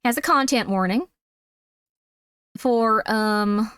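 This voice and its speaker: Squeaky woman with a put-on Southern drawl. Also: takes it slowly, a bit bright, clean tone, no room sound, studio quality. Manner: sweet, effusive, calls viewers sweetie. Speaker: streamer. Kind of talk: casual livestream chat.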